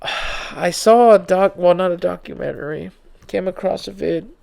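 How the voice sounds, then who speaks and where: Gravelly, tired male podcast host. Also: high-pitched, moderate pace, a little mellow. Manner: rambling, slangy, conspiratorial. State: tired, yawning. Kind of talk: casual rambling monologue.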